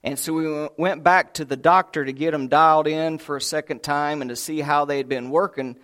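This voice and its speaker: A man's voice: a little high, steady tone, a little fast, fairly bright tone. A man preaching a sermon, a folksy storyteller who acts out voices and chuckles. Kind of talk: sermon with humorous stories. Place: church sanctuary.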